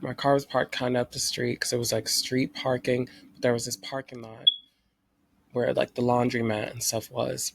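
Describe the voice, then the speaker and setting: A man's voice: mid-range voice, vocal fry. A young man from North Carolina telling a personal story as a vlogger, animatedly acting out his own past thoughts.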